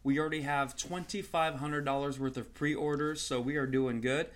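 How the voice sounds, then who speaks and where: A comedian hosting his own show, delivering an energetic intro and promo with a hyped, salesy manner and sarcastic asides. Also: on the high side, moderate pace.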